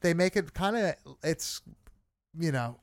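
A man's voice: fairly high pitch, lively intonation, a little slow, dry recording, clean studio sound. A man casually recapping a horror film with friends, swearing often and leaning on fillers. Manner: loose, swearing, many fillers.

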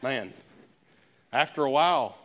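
Guy preaching, pitch jumping all over, chatty folksy sermon. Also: expressive, unhurried, a bit bright. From American South. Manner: conversational preaching with folksy asides. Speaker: pastor.

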